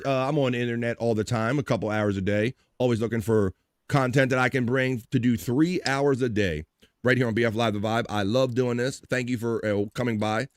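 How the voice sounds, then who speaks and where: A man's voice: medium pitch, no echo. Livestream host, male, casual radio-style patter, dry close sound. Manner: chatty, jokey, plugs memberships.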